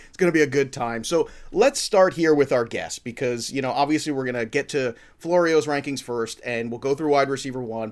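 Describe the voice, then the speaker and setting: A man hosting a fantasy football talk show, joking and enthusiastic, with a rambling, playful manner. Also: mid-range voice. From Italian-American family. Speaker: podcast host. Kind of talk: upbeat sports talk.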